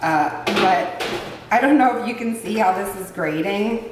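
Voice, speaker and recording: A woman hosting a casual cooking vlog in a home kitchen, bubbly and excitable as she talks to her viewers. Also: medium pitch, a little slow. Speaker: cooking show host. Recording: echoey kitchen from far off, noisy.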